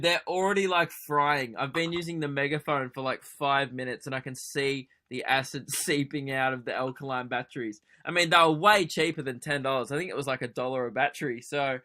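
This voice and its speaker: A man's voice: on the high side, bright, forceful tone. A young Australian man hosting a comedy podcast, telling a sarcastic, sweary story. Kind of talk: comedic solo podcast rant.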